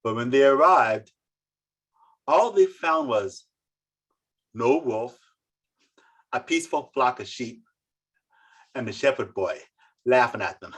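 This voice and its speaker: A storyteller telling folk tales slowly and dramatically over a video call. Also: expressive, breathy edge. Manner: slow, dramatic, with sweeping pitch. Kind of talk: oral folk tale telling.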